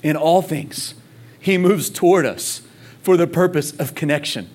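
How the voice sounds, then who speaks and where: A man preaching from the pulpit in a notably high voice, full of conviction. He stacks repeated phrases for emphasis and keeps calling on the congregation to say the words with him. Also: expressive, a little slow, a little mellow. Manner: passionate, calls on the congregation to respond; emphatic repetition. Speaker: pastor. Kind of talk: sermon.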